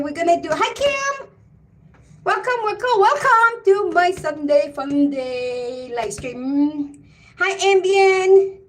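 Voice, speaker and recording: A middle-aged woman runs a casual live stream from her home, speaking in a high voice. She takes her time, talking slowly and thinking out loud, and greets viewers by name.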